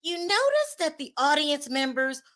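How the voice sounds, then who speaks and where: Bright, emotional woman vlog host. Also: high voice, very animated, moderate pace. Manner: emotional, chatty, talks straight to viewers. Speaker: YouTube gossip show host. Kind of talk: casual live-stream chat.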